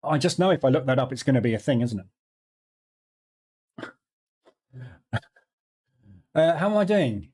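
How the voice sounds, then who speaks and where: A man's voice: mid-range voice, expressive, measured pace, long pauses, darkish tone, husky. A man hosting a live trading stream, chatting casually with viewers, greeting them by name and laughing easily, on a studio microphone.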